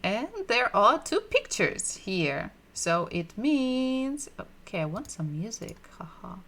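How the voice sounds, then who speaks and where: A woman giving a livestreamed language lesson, patiently repeating sounds and words slowly so learners can drill them. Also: on the high side, big pitch swings, fairly bright tone, faint music behind. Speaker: Russian language teacher.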